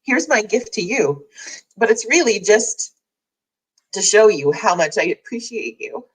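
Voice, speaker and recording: A woman's voice: medium pitch, expressive, a little slow, long pauses, slightly rough, low-quality recording. A woman hosting a daily online community chat, talking candidly and rambling, with frequent laughs. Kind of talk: casual heartfelt livestream chat.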